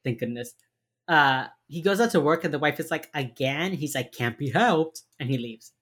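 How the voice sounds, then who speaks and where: A woman's voice: low-pitched, animated, moderate pace, a bit bright, husky. A woman co-hosting a casual chat, retelling a TV episode and acting out its characters' lines, with a mild speech impediment. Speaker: podcast co-host recapping a TV episode.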